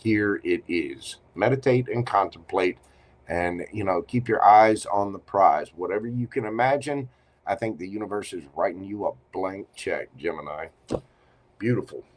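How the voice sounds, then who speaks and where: Chatty low-voiced tarot reader, a man. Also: normal speed. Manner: chatty, expressive, speaks straight to the listener. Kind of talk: live tarot reading.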